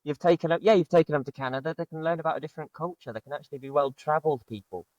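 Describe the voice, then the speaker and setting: A man on a podcast with a slightly higher voice than most men. He encourages his co-host, ticking off points in steady, measured phrases, and he is recorded close and dry. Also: no room sound, lo-fi sound. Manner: warm encouragement, listing things in measured phrases. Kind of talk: casual podcast chat.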